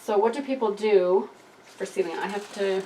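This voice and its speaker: A woman's voice: medium pitch, moderate pace, mellow. A woman painting with pastels, chatting casually and thinking aloud with lots of hesitations. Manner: self-talk, thinking aloud, frequent hesitations. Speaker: self-taught painter. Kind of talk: casual narration while painting. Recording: distant mic with clear background noise.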